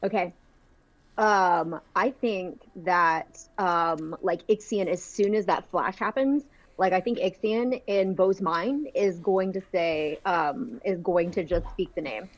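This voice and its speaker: A woman's voice: fairly low pitch, slow, highs cut off. A woman playing in an online tabletop game, talking casually, hesitant, with lots of ums and apologies. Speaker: player. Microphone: online call microphone.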